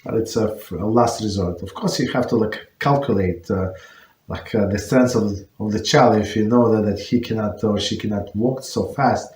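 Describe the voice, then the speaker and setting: Rabbi teaching in an echoey room. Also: male voice, fairly low pitch, moderate pace, a little mellow. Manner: explanatory, searching for words. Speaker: rabbi teaching an online class. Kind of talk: answering questions on religious law. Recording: roomy echo.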